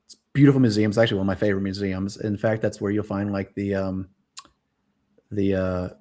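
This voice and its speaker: A man's voice: fairly low pitch, steady tone, a little fast, mellow. Rambling young man hosting a live stream. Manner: rambling, lots of fillers and self-corrections. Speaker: host. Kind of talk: casual live-stream chat.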